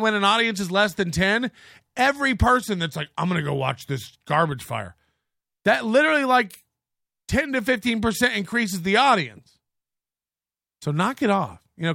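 A man's voice: high voice, creaky, bright, forceful tone, dry recording, studio quality. A man hosting a livestream, rambling casually with a sarcastic, blunt manner. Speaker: host.

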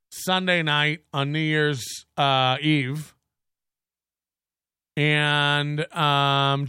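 A man hosting a casual livestream, rambling along in a blunt, sarcastic way. His voice sits high and sounds bright and forward. The recording is close and dry. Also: clean tone, no room sound. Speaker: host.

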